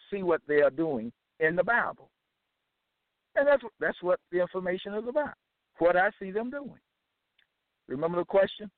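A man hosting a religious teaching episode, reading scripture verses aloud and explaining them in a deliberate, emphatic way, often restating each question. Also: sits high, no room sound. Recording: dry, tinny phone-like sound.

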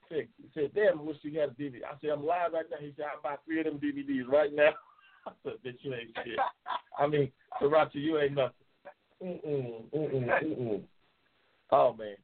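A man hosting a live call-in talk show, trash-talking and teasing callers with lots of cursing. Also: a little high. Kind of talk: casual live call-in banter. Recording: tinny phone-line sound.

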